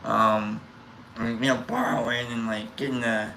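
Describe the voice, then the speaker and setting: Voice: medium pitch, fairly even intonation, moderate pace, sharp tone, a little hiss or hum, rough recording. A livestream host chatting casually and greeting viewers by name, rambling and playful, with many fillers and restarts. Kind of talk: casual chat reading viewer comments.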